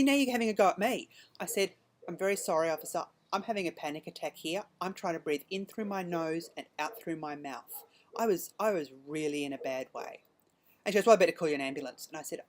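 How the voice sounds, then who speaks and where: A middle-aged Australian woman talks through her week on her podcast in a relaxed, chatty storytelling manner. Her voice sits a little low for a woman. She slips into other people's lines as she recounts what they said. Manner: conversational, retelling events with quoted dialogue. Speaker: podcast host. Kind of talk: casual personal storytelling.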